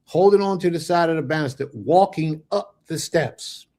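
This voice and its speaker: A man hosting a religious livestream, animated and folksy, giving blessings and chatting with his viewers. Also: a little high, moderate pace. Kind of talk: casual livestream chat.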